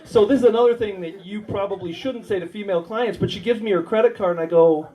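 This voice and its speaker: An Australian man performs a crude stand-up storytelling set at a warehouse comedy night, acting out the voices he quotes. He talks fast in a high voice, the recording's highs are cut off, and the live crowd laughs loudly.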